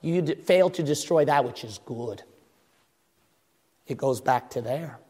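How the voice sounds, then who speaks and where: A man's voice: medium pitch, unhurried, mellow, breathy edge, big-room sound. A man preaching a fervent sermon as pastor, firing rhetorical questions at his congregation.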